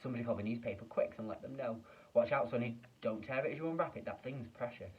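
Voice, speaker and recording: Guy putting on a big fat kindly shopkeeper, loud and excited, kinda muffled lo-fi sound. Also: medium pitch, fast, husky, distant mic, close to an everyday voice. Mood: ecstatic.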